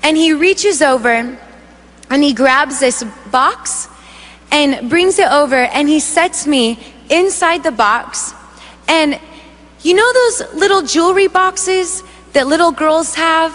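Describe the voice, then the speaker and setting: Female preacher, 30s, high voice, storytelling sermon, long hall reverb. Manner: animated, acts out quoted voices, conversational. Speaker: worship leader preaching. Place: large church hall.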